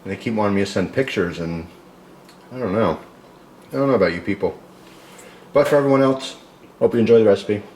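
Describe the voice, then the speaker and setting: A man hosting a casual home cooking video, talking loosely with many fillers and pausing to taste. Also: on the low side, lively intonation, darkish tone, a little hiss or hum. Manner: rambling, loose, tasting food mid-talk with filler words.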